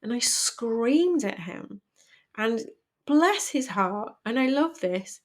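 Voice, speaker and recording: Candid, gravelly woman. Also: fairly high pitch, measured pace. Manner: candid, emotional, animated storytelling. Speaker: podcast guest. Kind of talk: personal conversation.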